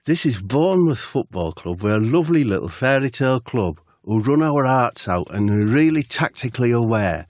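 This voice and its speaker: A man's voice: medium pitch, animated, moderate pace, few pauses, dry recording, clean studio sound, natural voice. A man doing a stiff, clenched-teeth football manager. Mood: stern. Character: stern middle-aged male football manager, prim, speaks without moving his teeth.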